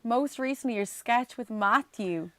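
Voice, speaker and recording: A woman's voice: on the high side, measured pace, no room sound. A woman hosting an interview, bubbly and enthusiastic in a casual chat. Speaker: interview host.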